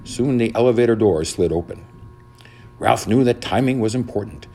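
A man narrating a children's storybook in a dramatic, expressive reading. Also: lowish voice, normal speed.

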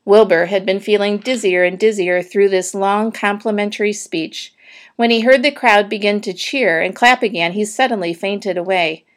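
A woman narrating a children's book aloud, with steady storytelling and a few small slips. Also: medium pitch, moderate pace.

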